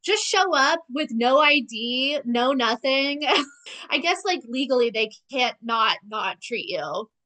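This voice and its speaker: A woman's voice: high voice, animated, takes it slowly, sharp tone, poor audio. A young woman co-hosting a casual podcast, recapping a TV episode in a chatty, sarcastic way, full of "like". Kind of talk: casual chat.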